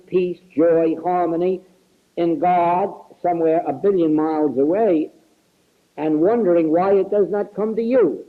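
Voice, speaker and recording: A man's voice: high-pitched, narrow, tinny audio. A man giving an earnest spiritual lecture, stressing key words again and again, heard on an archival tape recording. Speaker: spiritual teacher.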